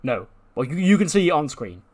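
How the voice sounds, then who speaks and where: A man's voice: fairly high pitch, big pitch swings, normal speed, a little mellow. A man hosting a gaming channel, narrating a wrestling sim playthrough in a casual, rambling way and correcting himself as he goes.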